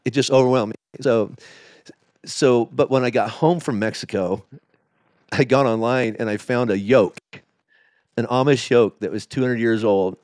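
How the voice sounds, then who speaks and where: A middle-aged man, a pastor, telling his story in a candid interview, halting with many restarts. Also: medium pitch, darkish tone, dry recording, clean studio sound. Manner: emotional, halting, with many restarts and quoted asides. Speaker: lead pastor.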